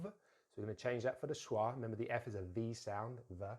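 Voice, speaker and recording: Man teaching pronunciation, deliberate and clear. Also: medium pitch, darkish tone. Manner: slow, deliberate modelling of words with drills to repeat; explains plainly with frequent fillers and restarts. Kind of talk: pronunciation lesson.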